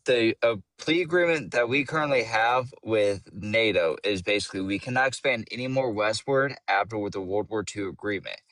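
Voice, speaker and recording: Young male caller, low-pitched, dry sound, combative, swears freely and interrupts. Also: moderate pace, hardly any pauses, fairly bright tone, no echo. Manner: combative, swears a lot, talks over the other speaker. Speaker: caller debating on a livestream. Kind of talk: heated casual debate.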